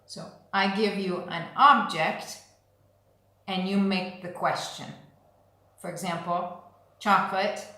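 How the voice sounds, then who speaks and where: A woman's voice: medium pitch, steady tone, slow pace, pauses often, pushed and bright. A woman teaching an English lesson, speaking patiently and leading short phrases for learners to repeat. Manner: patient, drills phrases for repetition. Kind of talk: slow, clear language lesson. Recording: very echoey room.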